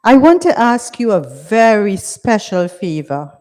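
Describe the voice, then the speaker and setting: A woman's voice: medium pitch, sing-song, unhurried, darkish tone. Frail dying mother, as a woman narrator voices her. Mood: pleading. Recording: reverberant hall.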